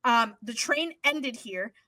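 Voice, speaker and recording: Slow and a little high-voiced, a young woman co-hosting a podcast tells a story in casual conversation. She's animated, acts out what others said, and swears freely, all on a dry recording.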